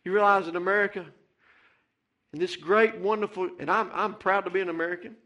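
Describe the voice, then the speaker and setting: A man's voice: high voice, steady tone, brisk, pushed and bright. A man preaching a fervent sermon in church, repeating phrases and calling out "Amen.". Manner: fervent, repetitive, calls out "Amen" and "Hey".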